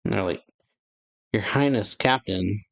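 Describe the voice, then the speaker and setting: A man's voice: lowish voice, a little slow, creaky, a bit bright. Casual man reading manga aloud. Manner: reads character lines aloud with light emphasis, fillers like "and then, yeah". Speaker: manga reaction host. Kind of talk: casual manga read-through.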